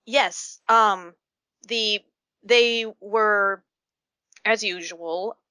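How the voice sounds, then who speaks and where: Bright-voiced young woman telling a story. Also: mid-range voice, very slow, clean tone, no room sound. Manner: chatty storytelling, acts out quotes. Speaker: guest, convention artist. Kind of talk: casual podcast interview.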